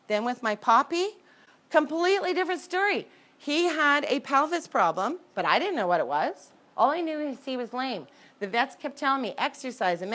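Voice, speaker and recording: Woman, fairly high voice, personal storytelling, animated, candid and conversational. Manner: animated, with sudden jumps in pitch and loudness. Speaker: horse owner telling her story.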